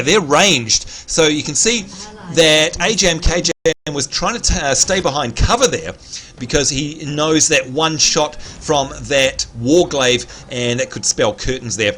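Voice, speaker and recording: Bright, chatty Australian man commentating a game. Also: fairly high pitch, expressive, a little slow. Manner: chatty, upbeat play-by-play, addresses viewers as folks. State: slightly hoarse, clearing his throat. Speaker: livestream host and game commentator. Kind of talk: live gameplay commentary.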